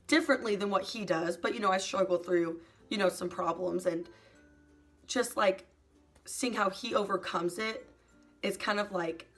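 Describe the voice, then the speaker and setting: Soft-spoken young woman sharing personal struggles. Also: mid-range voice, normal speed, soft background music. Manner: soft, hesitant, many "like" fillers. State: emotional, near tears at times. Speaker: YouTuber. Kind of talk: personal confessional vlog.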